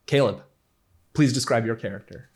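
A man's voice: medium pitch, moderate pace, a little mellow, husky. Playful man narrating a tabletop game. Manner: playful, storytelling. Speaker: game master.

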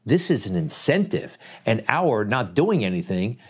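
A man's voice: on the low side, sing-song, measured pace, husky. A man hosting opinion commentary, emphatic and scornful, firing off rhetorical questions. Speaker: commentary host.

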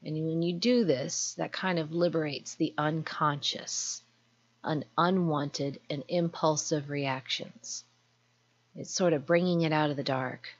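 Husky low woman, earnest advice talk, kinda muffled lo-fi sound. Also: fairly even intonation, measured pace. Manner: earnest and explanatory. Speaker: self-help speaker. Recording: dull lo-fi recording.

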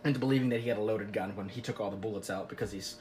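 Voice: medium pitch, racing, darkish tone, a little hiss or hum. A podcast host recapping a story in casual chat, rambling and giggling, full of filler words.

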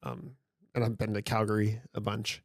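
A man's voice: fairly low pitch, monotone, normal speed, no echo, studio quality. A man co-hosting a podcast in casual chat, rambling, swearing freely and getting enthusiastic. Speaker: podcast co-host.

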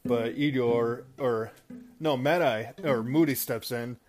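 A man's voice: mid-range voice, slow pace. A man casually retelling a movie plot as a show host, rambling with fillers and restarts. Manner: rambling, many fillers and restarts, laughs at own stumbles. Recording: guitar music in background.

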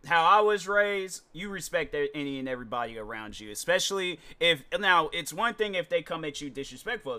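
A man's voice: fairly high pitch, pushed and bright, smooth. A man hosting his own podcast, talking in a casual, rambling and slangy way with frequent restarts. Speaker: podcast host. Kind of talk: casual solo podcast monologue.

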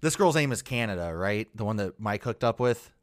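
A man's voice: lowish voice, expressive, a little fast, dry recording, studio quality. A man chatting casually about a TV show, wry and mocking, laughing often. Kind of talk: casual chat.

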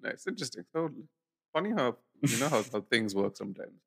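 A man's voice: medium pitch, sing-song, vocal fry, slight background noise. A young man co-hosting a podcast, chatting casually and often stumbling and repeating words as he looks for the right phrasing. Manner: halting, repeats words while searching for phrasing. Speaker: podcast co-host. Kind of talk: casual chat.

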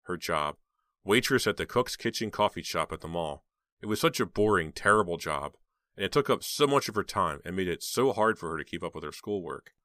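Very deep male narrator reading a horror novel, measured, dry close-mic sound. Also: animated, bright, forceful tone, no echo. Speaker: audiobook narrator. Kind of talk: scripted audiobook narration.

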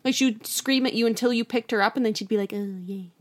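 Young woman, casual podcast chat, lively storyteller, acts out quoted voices, everyday conversational tone. She leans into her stories, mimicking family members with playful pitch jumps. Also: fast talker. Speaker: podcast co-host.

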